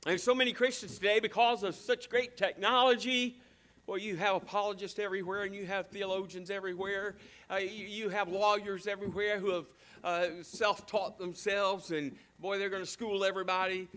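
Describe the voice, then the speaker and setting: Bright-voiced preacher preaching a sermon. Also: male voice, high-pitched, level tone. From southern United States. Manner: swings between emphatic, fast bursts and slow, hushed phrases. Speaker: pastor.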